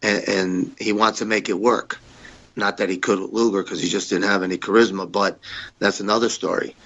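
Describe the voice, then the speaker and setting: Low, forceful man telling stories. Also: fairly even intonation, brisk, highs cut off. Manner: rambling, profane, repeats himself. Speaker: podcast guest, former wrestler. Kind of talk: casual storytelling interview.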